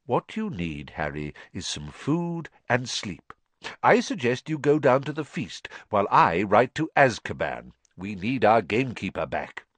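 A man voicing a calm, kindly old headmaster wizard who talks slowly and softly in a storybook reading. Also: medium pitch, dry recording, pitched above the performer's own voice. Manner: slow, soft, gentle and thoughtful.

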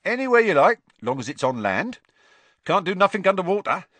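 A man voicing a cheeky, brash young wizard bus conductor with loud, rough working-class speech. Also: high voice, big pitch swings, fairly quick, no echo, voice pushed up, full character voice. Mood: cocky. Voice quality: broad dropped-letter working-class speech.

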